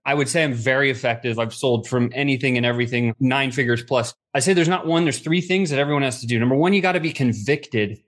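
A middle-aged man, a podcast guest, telling stories in a casual, animated way and acting out the quotes. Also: mid-range voice, fast, hardly any pauses. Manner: animated, acts out quotes with swearing. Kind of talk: casual storytelling.

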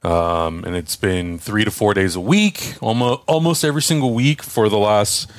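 A man with a low voice co-hosts a casual podcast, rambling easily and tossing in dude and bro. His voice is close and dry on the mic, with no room sound. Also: normal speed, no echo. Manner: laid-back, rambling, says dude and bro. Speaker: co-host.

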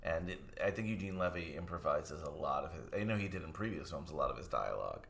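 Man, deep voice, easygoing, podcast co-host. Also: lively intonation, quick pace, creaky, fairly bright tone. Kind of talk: casual film discussion.

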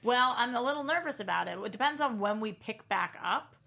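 A woman co-hosting a casual panel chat about TV, giving measured, thoughtful opinions. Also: a little high, expressive, creaky, sharp tone. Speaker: TV podcast co-host.

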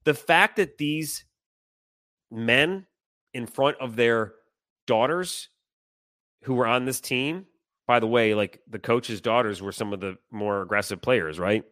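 A middle-aged man tells a story in a bright, forceful voice with a dry, close sound. He talks animatedly, swears freely, and acts out the people in it. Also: mid-range voice, takes it slowly, long pauses, dry recording. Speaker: podcast co-host. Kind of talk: casual storytelling chat.

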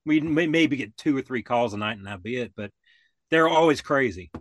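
An older man spins a long yarn in relaxed, easy talk. He circles back on himself, restarts his sentences and acts out the voices of the people in his story. The sound is dry and close. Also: medium pitch, normal speed, dry recording. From Florida. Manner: rambling, restarts often, acts out quoted voices. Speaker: podcast guest. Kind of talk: casual storytelling.

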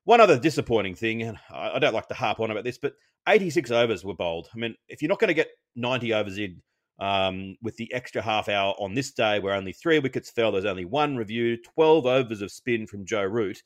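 A man's voice: lowish voice, lively intonation, brisk, dry recording, clean studio sound. A man co-hosting a podcast, giving a chatty cricket analysis broken up by frequent ums and restarts. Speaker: co-host.

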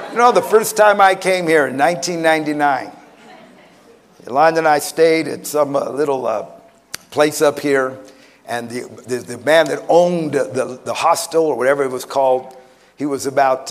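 A man preaching a sermon at a conference, animated, swinging from loud bursts to hushed tones. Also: on the high side. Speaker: pastor. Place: conference hall, live audience.

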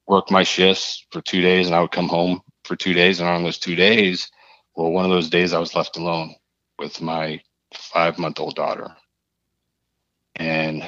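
A man, a podcast guest, telling a personal story in a halting, earnest way, often repeating his phrases. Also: sits low, fairly bright tone, no room sound, highs cut off.

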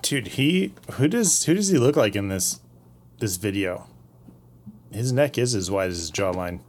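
A man co-hosting a casual podcast, teasing his friends in quick banter. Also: on the low side, expressive. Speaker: podcast co-host.

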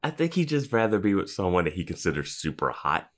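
A man co-hosting a podcast, chatting casually about a TV episode in a relaxed, agreeable way with lots of short affirmations. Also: low voice, fast. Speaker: podcast co-host.

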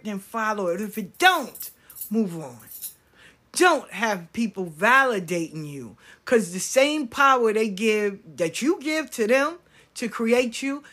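A woman's voice: medium pitch, fairly bright tone. A woman who reads spiritual cards, ranting to her viewers in a blunt, profane, emphatic way. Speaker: spiritual card reader. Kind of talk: casual rant to viewers.

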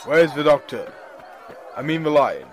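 A man voicing a brisk but easily muddled male rabbit captain. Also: fairly high pitch, animated, a faint crowd, a little hiss or hum. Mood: urgent.

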